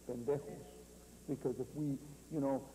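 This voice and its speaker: A guest lecturer from California speaks in a university lecture hall, his medium-pitched, warm voice moving at a moderate pace with fairly even intonation. He gives a rambling, story-filled talk to an audience, often tossing out rhetorical questions and "you see." The recording is poor, with hall reverb and a faint hum.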